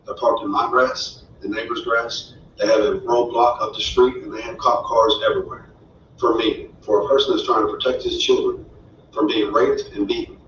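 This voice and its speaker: A man's voice: medium pitch, steady tone, normal speed, a bit bright, a little hiss or hum. A man telling his own story as a father, earnest and indignant. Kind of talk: personal storytelling. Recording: roomy, distant, dull audio.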